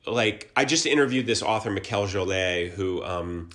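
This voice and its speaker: This interview guest, a forties-aged actor and musician from Columbus, Ohio, has a low, somewhat bright voice and a moderate pace. In casual conversation he comes across as sincere and thoughtful, repeatedly restarting what he says.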